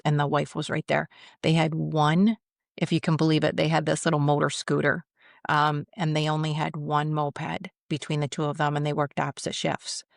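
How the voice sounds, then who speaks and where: A woman's voice: low voice, level tone, moderate pace, gravelly, no echo, clean studio sound. A middle-aged woman, a retired police commander, telling vivid work stories on a podcast. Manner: vivid, anecdotal, acts out quoted voices. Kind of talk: conversational storytelling.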